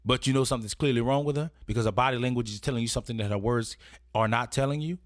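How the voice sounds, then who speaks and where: A man races through an etiquette lesson in a medium-pitched voice, his advice casual, conversational and partly read. He keeps checking in with "right?", and the studio recording has no room sound.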